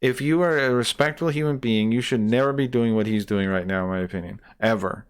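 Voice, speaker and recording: Smooth-voiced man in a profane rant. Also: medium pitch, fairly quick. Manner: profane, exasperated ranting; repeats and restarts while worked up. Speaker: streamer reacting to a debate clip. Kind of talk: heated reaction commentary.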